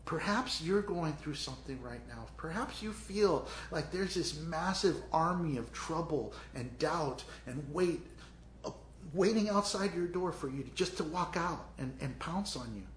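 A pastor preaches a sermon in a chatty, animated way, often slipping into little acted scenes. His voice sits high for a man. It rings through an echoey church room. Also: measured pace, a little hiss or hum. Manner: animated, conversational, acts out scenes.

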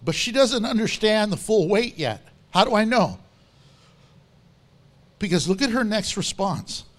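High-voiced man preaching animatedly. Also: unhurried. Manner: animated storytelling, acts out quotes. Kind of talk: sermon.

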